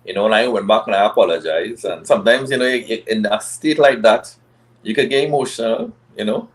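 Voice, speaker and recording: A man talking on a casual men's panel, relaxed and rambling with many restarts. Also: lowish voice, fairly quick, rough recording.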